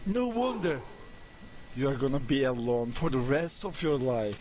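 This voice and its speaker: A man in an online game's voice chat, ranting and yelling insults at his teammates. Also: medium pitch, expressive, moderate pace, crowd noise. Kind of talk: angry game voice chat. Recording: noisy game voice chat.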